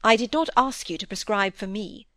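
A woman's voice: medium pitch, lively intonation, moderate pace, fairly bright tone, no room sound, natural voice. Stiffly offended young male apprentice in a storybook, stammering, dry close sound, read by a woman. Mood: indignant.

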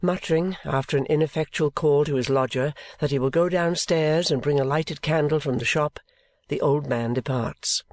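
A man reading a novel aloud as an audiobook narrator, with a measured, even delivery. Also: fairly high pitch, dry recording. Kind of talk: scripted narration.

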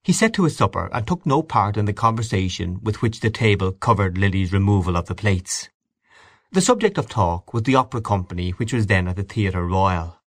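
A man narrating a classic story in a measured, expressive audiobook reading. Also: on the low side, no echo, clean studio sound.

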